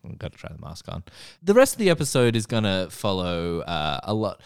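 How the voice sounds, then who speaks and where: A man co-hosting a casual podcast chat, retelling a TV episode with animated quoting. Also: fairly quick, vocal fry, clean tone, dry recording, studio quality. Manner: animated, jumps into high voices when quoting. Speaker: podcast co-host.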